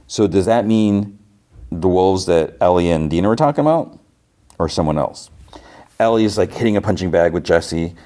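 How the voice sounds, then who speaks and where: Low-voiced man recapping an episode. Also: lively intonation, moderate pace, mellow. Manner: retells scenes with loose quoted dialogue and asides. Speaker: podcast host.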